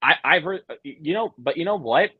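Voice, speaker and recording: A man's voice: on the high side, animated, brisk, husky, dry recording, phone-quality sound. A young man hosting a casual live Q&A, talking in a laid-back way, saying "bro" a lot and telling stories animatedly. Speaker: livestream host. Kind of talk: casual chat.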